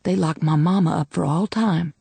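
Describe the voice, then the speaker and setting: Low-voiced woman narrating an audiobook. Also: gravelly, dark tone, husky, no echo. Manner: measured, dramatic first-person reading.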